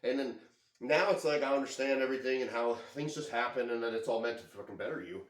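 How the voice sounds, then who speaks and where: A man's voice: mid-range voice, fast talker. A man venting in an intense, profane monologue, leaning heavily on filler words. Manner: heavy use of filler words. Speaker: vlogger. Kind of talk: emotional monologue. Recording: echoey room.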